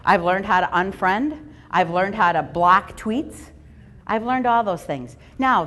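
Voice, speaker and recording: Speaking on the low side, a middle-aged woman who is a fundraising speaker delivers a motivational keynote to a live audience in a large room. She is animated and playful, acting out little voices.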